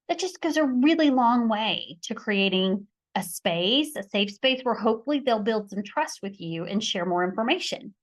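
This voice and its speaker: A woman's voice: medium pitch, expressive, normal speed. A middle-aged woman mediator teaching conflict skills, stressing her points by repeating key phrases. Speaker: mediator and conflict resolution instructor. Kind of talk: podcast teaching talk.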